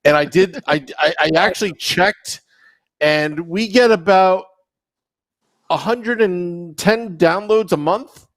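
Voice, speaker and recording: A man's voice: high-pitched, takes it slowly, fairly bright tone, no room sound, clean studio sound. A man co-hosting a fan podcast, chatting loosely and rambling through announcements. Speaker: podcast co-host. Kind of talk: casual podcast chat.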